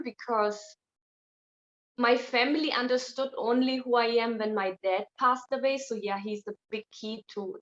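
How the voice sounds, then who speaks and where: A woman's voice: a little high, a bit bright. A woman speaking as an interview guest, blunt and outspoken in casual conversation. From Germany. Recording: dull lo-fi sound.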